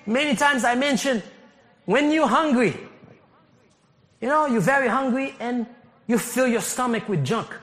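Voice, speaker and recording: A man from Haiti preaching a sermon as pastor, animated, laughing often and rising to shouts. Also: extremely high pitch, unhurried, long pauses. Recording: long hall reverb.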